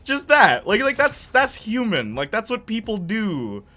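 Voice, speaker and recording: A young man streaming gameplay, chatting in a rambling, excitable way with lots of fillers and tangents. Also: high voice, measured pace. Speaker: gaming streamer. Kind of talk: livestream gameplay commentary.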